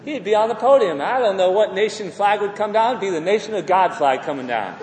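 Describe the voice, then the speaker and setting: Animated preacher man in an echoey hall. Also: high-pitched, fairly quick. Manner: animated, acts out quoted voices, repeats words. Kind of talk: sermon. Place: church hall. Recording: echoey hall with faint ambience.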